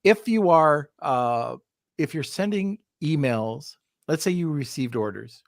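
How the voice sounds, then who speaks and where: A man's voice: a little high, animated, unhurried, vocal fry, no echo, studio quality. A man with a Canadian accent hosting a podcast, asking questions with hesitant restarts in a casual way. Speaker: podcast host. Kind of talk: casual interview chat.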